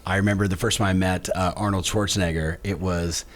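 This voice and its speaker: A man hosting a podcast in casual chat, chiming in with short agreement and telling his own stories. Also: fast. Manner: chimes in with short agreement, lively pitch. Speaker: podcast host, real estate coach. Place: podcast studio.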